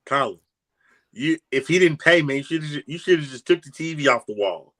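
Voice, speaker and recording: A man co-hosting a casual podcast, animated and emphatic, using slang. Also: on the high side, fairly quick. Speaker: co-host.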